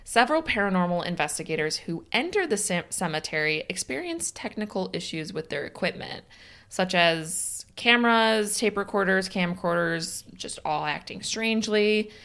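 A woman's voice: mid-range voice, lively intonation, moderate pace, fairly bright tone, clean tone. A woman with a Chicago accent co-hosting a casual podcast, chatting and reading a listener's story aloud with easy laughs and short dry replies. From Illinois. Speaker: podcast co-host.

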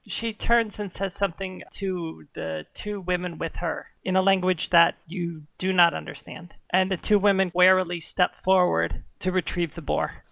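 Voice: medium pitch, fairly even intonation, normal speed, vocal fry, hardly any pauses, a bit bright, no room sound. A game master narrating a tabletop game in an easygoing, descriptive way, voice a little strained.

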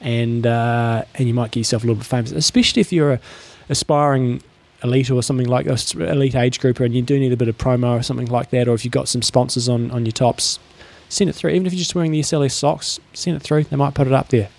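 A man co-hosting a podcast, chatting casually in a relaxed, rambling way with many fillers. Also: mid-range voice, fast, gravelly, hardly any pauses. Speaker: podcast co-host. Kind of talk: casual chat.

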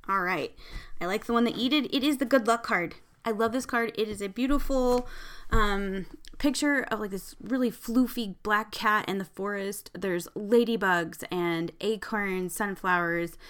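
A young woman hosts her podcast in a relaxed, chatty way. She giggles, leans on fillers, and swears casually while poking fun at herself. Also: mid-range voice, a little hiss or hum. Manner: swears casually, self-mocking. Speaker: podcast host. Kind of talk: casual chat, tarot card pull.

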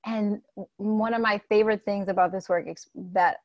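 A woman's voice: mid-range voice, fairly even intonation, moderate pace, no room sound, highs cut off. Gushing, emotional woman host. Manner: gushing, tearful, swears casually. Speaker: money coach and podcast host. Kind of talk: emotional conversational interview.

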